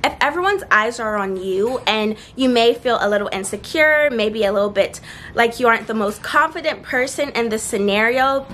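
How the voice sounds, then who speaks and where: A woman's voice: on the high side, sharp tone, slight background noise. A young woman in a casual vlog giving earnest, encouraging speaking tips, recorded outdoors with seagulls nearby. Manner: earnest, encouraging, slows for emphasis. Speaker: vlogger giving confidence tips.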